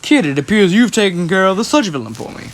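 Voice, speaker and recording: A man voicing a cheerful muscular male superhero, hearty and loud. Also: high-pitched, sing-song, fast talker, pitched above the performer's own voice.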